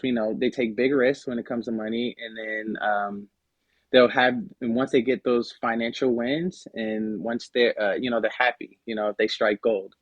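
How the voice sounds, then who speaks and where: A man of average pitch talks casually on a podcast, loose and conversational, with plenty of fillers and self-corrections. The recording is dry with no room sound, and the top end is slightly dulled. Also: no room sound, lo-fi sound. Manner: conversational, many fillers and restarts. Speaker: podcast guest. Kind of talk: casual explanatory podcast talk.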